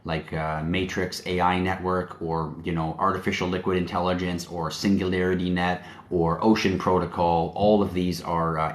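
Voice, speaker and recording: Low-voiced man, confident livestream host. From Canada. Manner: emphatic, confident, preachy. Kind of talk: casual livestream talk. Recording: roomy echo.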